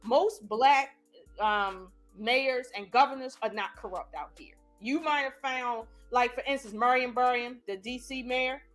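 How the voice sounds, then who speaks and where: A woman's voice: a little high, unhurried, fairly bright tone, soft background music. A woman on a live-stream panel, arguing her point emphatically in casual debate. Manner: argumentative, emphatic.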